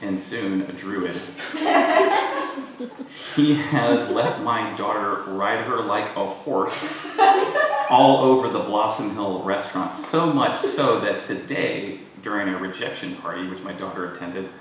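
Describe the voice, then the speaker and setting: A man, a creative writing professor, gives a joking introduction at a live reading, chuckling often and filling pauses with ums. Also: lowish voice, slight background noise. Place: event hall with audience. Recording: echoey hall recorded from far off.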